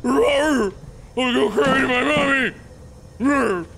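A man's voice: very high voice, slow pace, gravelly, bright, forceful tone, a little hiss or hum, voice pushed up, heavily acted. A man putting on the voice of a grumpy male monster who whines about losing his prey, with mock roars. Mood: sulky mocking. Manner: whiny mock-angry grumbling with roars.

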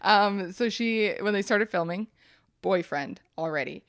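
A woman's voice: medium pitch, unhurried, no echo, studio quality. A young woman co-hosting a podcast, recapping stories in a giggly, casual way. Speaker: podcast co-host. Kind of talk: casual chat.

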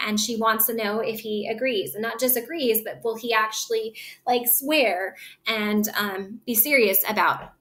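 A woman explaining a play to students in a loose, casual way. She fills her talk with "like" and "um", and her voice sits a little high for a woman. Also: a bit bright.

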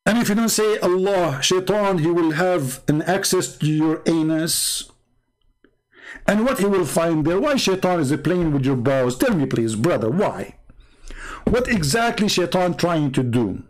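A man's voice: sits high, expressive, measured pace. Sarcastic man hosting a live stream. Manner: sarcastic, scornful rhetorical questioning; broken, non-standard English grammar. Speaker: livestream host. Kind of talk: mocking live-stream commentary.

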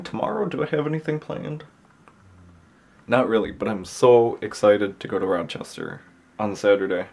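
A man's voice: fairly low pitch, expressive, moderate pace, vocal fry, darkish tone. A young man vlogging to camera from his parked car at night, sleepy and chatty, rambling to his viewers. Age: young adult. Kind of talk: casual vlog talk to camera. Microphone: handheld camera.

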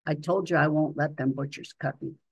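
A woman's voice: low voice, steady tone, fairly quick, breathy edge, lo-fi sound. A woman voicing a weary, bitter older female hospital patient who talks plainly and sounds resigned, with folksy grammar.

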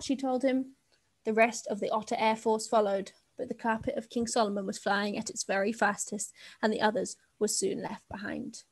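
A woman's voice: a little high, normal speed. Woman reading a children's novel aloud. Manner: lively, amused, chatty between chapters. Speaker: reader.

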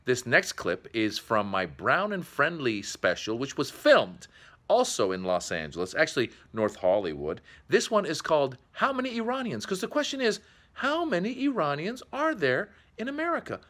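A man's voice: fairly high pitch, huge pitch swings, moderate pace, a bit bright. A man speaking to the camera in a casual, chatty way, upbeat as he introduces his own comedy clips.

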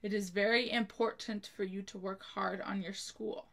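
Here a woman leads children through a spelling lesson at a slow pace, carefully sounding out every letter of each word before using it in an example sentence. She speaks at medium pitch in a steady tone with vocal fry.

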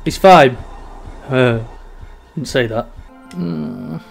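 Soft music sits in the background as a gaming YouTuber talks through a video game in a fairly high voice at normal speed. He's casual and foul-mouthed, swinging between mock despair and laughter.

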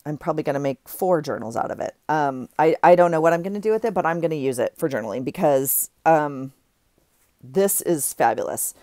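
Her voice sits low and a little mellow, with lively intonation and a brisk pace. The middle-aged craft vlogger gushes over finds in a rambling haul chat, often cutting off mid-sentence, in a dry, clean studio recording.

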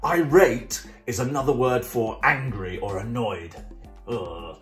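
Taking it slowly in a medium-pitched voice, a man leads a kids' drawing tutorial for his art club. He explains every step playfully, with plenty of chat and jokes, against roomy acoustics and faint background music.

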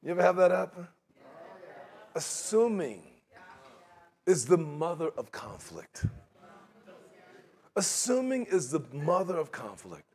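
A man preaching a sermon in a conversational, animated way, acting out quotes and laughing along with his points. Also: sits high, takes it slowly, long pauses.

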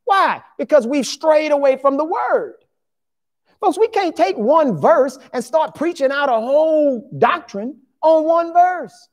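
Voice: mid-range voice, darkish tone. Pastor, 50s, conversational and emphatic sermon delivery, mid-range voice. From Louisiana, USA. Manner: emphatic, conversational preaching with dialogue asides.

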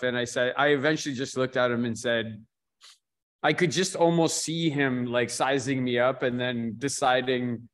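A man's voice: medium pitch, fairly bright tone. A man hosting a casual martial arts chat, telling a road story and calling on each guest in turn. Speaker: podcast host.

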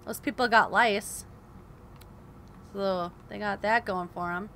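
A woman's voice: mid-range voice, steady tone, takes it slowly, bright, forceful tone, slight background noise. A young woman commenting on her gameplay, swearing in frustration and talking to herself and her viewers. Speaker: gaming video host.

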